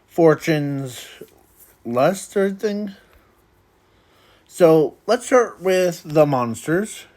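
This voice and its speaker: A man hosting a casual card review video, talking in a halting way with many restarts. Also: a little high, a little mellow. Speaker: video host reviewing custom cards.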